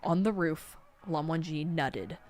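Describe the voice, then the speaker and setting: A woman reading a novel aloud on a stream, expressive and sometimes laughing. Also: low-pitched, unhurried. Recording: faint music behind.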